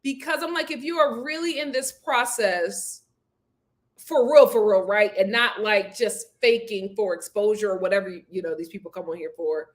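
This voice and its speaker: A woman hosting a casual review show, talking straight to viewers in a candid, opinionated, animated way. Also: moderate pace, few pauses. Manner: animated and expressive, acts out quotes with big pitch jumps. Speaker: host reviewing a reality show. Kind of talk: casual chat.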